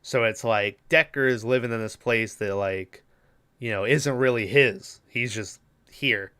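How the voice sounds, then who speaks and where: A man's voice: medium pitch, unhurried, bright, forceful tone, clear, resonant tone. A man co-hosting a podcast, retelling a movie plot in loose, profane casual chat and acting out the characters' lines. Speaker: podcast co-host.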